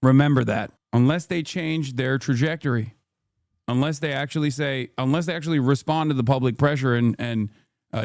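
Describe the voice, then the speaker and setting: A man's voice: mid-range voice, darkish tone, no room sound, studio quality. A man giving casual political commentary on news clips, blunt and indignant, swearing freely.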